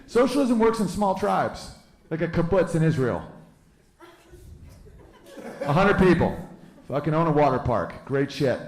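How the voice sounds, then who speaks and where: A man's voice: on the high side, expressive. A man in his thirties doing a brash, profane stand-up comedy set live on a club stage. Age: 30s. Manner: brash, loose and profane, with quick jokey asides. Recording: roomy live club recording with audience laughter.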